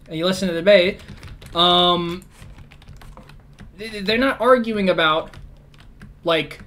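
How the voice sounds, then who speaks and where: A man's voice: high voice, slow, pushed and bright. A man ranting in a casual, rambling way, swearing often and full of sarcasm. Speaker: vlogger. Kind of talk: casual rant.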